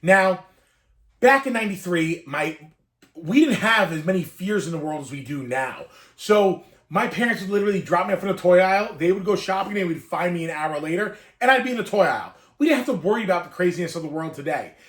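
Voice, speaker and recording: Surrounded by his collected toys, a Northeastern US man in his thirties recounts an emotional childhood memory to camera. His voice is high and a bit bright, with lively intonation and a brisk pace, and his wistful, rambling telling sometimes chokes up.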